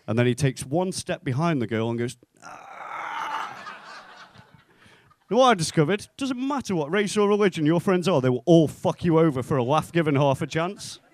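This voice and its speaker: Performing stand-up at a club, this young North West English man delivers punchlines deadpan and impersonates the characters in his anecdotes. He talks briskly in a higher register with hardly any pauses, over slight background noise.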